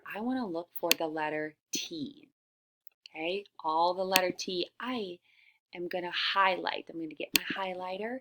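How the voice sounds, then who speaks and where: A woman teacher leading a reading lesson for young children, stretching her words clearly and often dropping to a whisper. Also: lowish voice, very noisy. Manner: slow, drawn-out, over-enunciated words.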